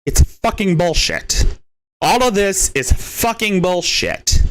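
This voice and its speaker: Profane, taunting man with a swinging pitch. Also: animated, slow, a bit bright. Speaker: stream host. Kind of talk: mocking live stream rant.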